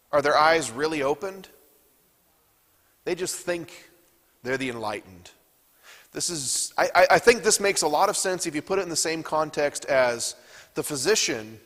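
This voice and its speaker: A man's voice: fairly high pitch, a bit bright, long reverb tail. Man teaching a Bible class. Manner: reads scripture aloud and asks the class questions. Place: church classroom.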